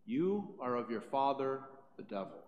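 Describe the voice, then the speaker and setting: A man voicing a calm, authoritative teacher who speaks low, quiet and measured, in an echoey hall. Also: highs cut off, a little hiss or hum.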